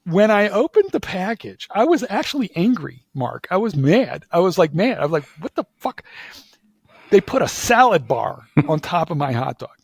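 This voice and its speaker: Animated man telling a story. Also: high-pitched, moderate pace, vocal fry, few pauses, husky, dry recording. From Philadelphia. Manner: animated storytelling with lots of repeated "like"s and restarts. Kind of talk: casual conversation.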